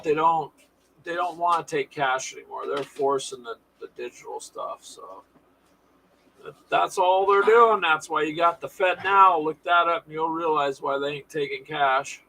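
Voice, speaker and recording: A man's voice: on the high side, normal speed, gravelly, bright, forceful tone, a little hiss or hum, poor audio. A man hosting a casual live stream, chatting with viewers in a folksy, sarcastic way.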